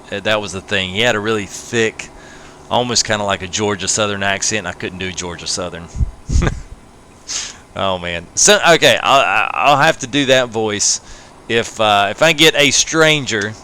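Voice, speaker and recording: A man's voice: fairly low pitch, sharp tone, slight background noise. A man streaming a farming game live late at night, chatting casually with viewers, laughing often and tacking "man" onto his phrases. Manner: laid-back, laughs often, says "man" after many phrases. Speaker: gaming livestreamer. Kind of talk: casual livestream commentary.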